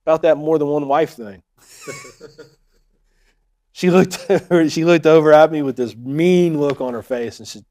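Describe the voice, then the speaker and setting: A man's voice: a little high, moderate pace, pauses often, mellow. A man telling a funny personal story in a chatty, joking way, often checking in with his listeners. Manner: joking, chatty, keeps saying right. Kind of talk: storytelling talk.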